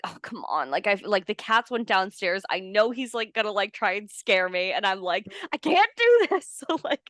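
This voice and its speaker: A young woman co-hosting a podcast, loud and reactive, laughing easily. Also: mid-range voice, dry recording, clean studio sound. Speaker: podcast co-host. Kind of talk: casual chat.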